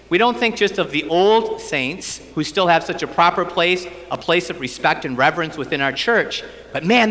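A high, bright male voice preaches with lively energy and acts out his own inner thoughts as he tells a story. The sound carries the long reverb of a church hall. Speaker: priest giving a parish mission. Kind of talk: storytelling sermon.

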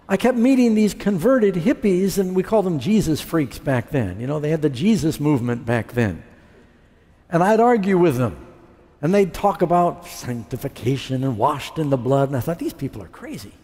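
A man's voice: a little high, lively intonation, normal speed, darkish tone, big-room sound. A man preaching his testimony, telling his story and acting out what he said back then. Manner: storytelling, acting out his own past words. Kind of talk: sermon testimony.

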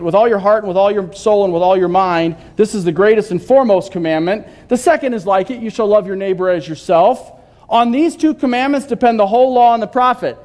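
A man's voice: high-pitched, darkish tone. A man pastor giving a sermon in a conversational way, asking the congregation questions and joking with them. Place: church sanctuary.

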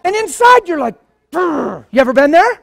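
An animated male preacher delivering a sermon in a church. His voice sits high for a man, and he tells stories with swings from quiet asides to loud bursts. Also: fast talker.

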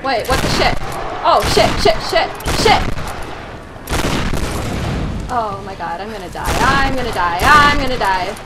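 A woman hosting a casual let's play, talking to herself as she plays, jumpy and quick to swear. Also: a little high, animated, very noisy. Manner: jumpy, swears freely, talks to herself while playing. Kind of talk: casual gaming commentary. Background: game music and sounds.

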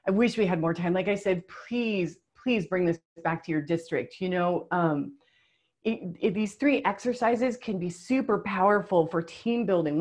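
A woman's voice: fairly low pitch, a little mellow. A woman presenting a live online workshop, reading out participants' answers in an upbeat, emotional, chatty way over a video call. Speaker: webinar presenter.

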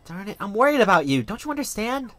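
A man doing a shrill young woman in falsetto. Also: very animated, quick pace, fairly bright tone, no echo. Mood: worried. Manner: high falsetto, exclaiming. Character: young woman, fretful and excitable. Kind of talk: fan voice-over of a game.

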